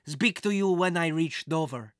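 A storybook reader voicing a menacing adult male thief who growls slow, loud threats. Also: mid-range voice, expressive, no echo, clean studio sound, lightly acted. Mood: scheming. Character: menacing red-haired male thief, gruff. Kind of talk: audiobook character voice.

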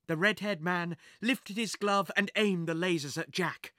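A narrator reading a children's adventure story with lively, dramatic pacing. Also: medium pitch, a little slow, dry recording, clean studio sound.

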